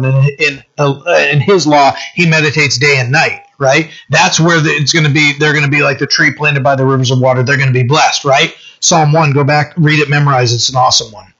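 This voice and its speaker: A male pastor giving a conversational sermon, often checking in with "right?" and pausing on fillers. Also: fairly high pitch, pushed and bright. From French-descended local community. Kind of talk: sermon teaching. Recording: dull lo-fi sound.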